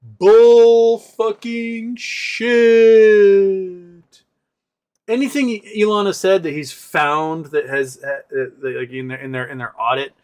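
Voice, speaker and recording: A man's voice: mid-range voice, steady tone, normal speed, hardly any pauses, a bit bright. A man hosting a casual livestream, reading viewer comments and answering them in a sarcastic, rambling way with many fillers. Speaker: livestream host.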